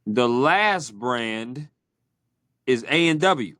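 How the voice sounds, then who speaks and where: A man's voice: mid-range voice, lively intonation, a bit bright, dry recording. Playful male podcast host, dry sound. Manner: playful, teasing, drawn-out questions. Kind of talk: casual interview chat.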